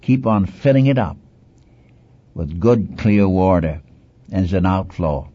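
Low mellow-voiced man preaching. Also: expressive, a little slow, dull audio. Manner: earnest, exhorting, repeats phrases for emphasis. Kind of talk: sermon.

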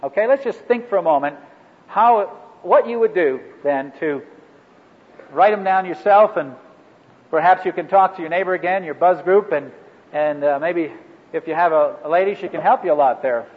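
A man leading a ministry training workshop for a live group, talking in a halting way with many fillers and restarts. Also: on the high side. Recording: echoey hall over a phone-like line.

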